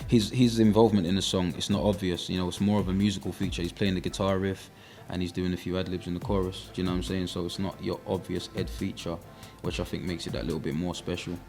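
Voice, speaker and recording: A young man with a South London accent, a rapper being interviewed in relaxed casual chat, filling pauses with "you know". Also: low voice, soft background music. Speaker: rapper guest.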